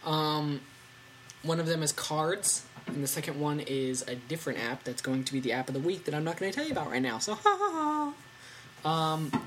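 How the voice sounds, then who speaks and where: A man's voice: a little high, brisk, noisy background. Rambling teenage boy podcast host. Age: teens. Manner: rambling and excitable, with lots of fillers and animated asides. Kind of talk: casual tech podcast chat.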